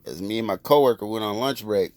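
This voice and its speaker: A man's voice: on the low side, fast, darkish tone, no room sound. A man telling a personal story in loose, rambling, profane street talk. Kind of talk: casual storytelling.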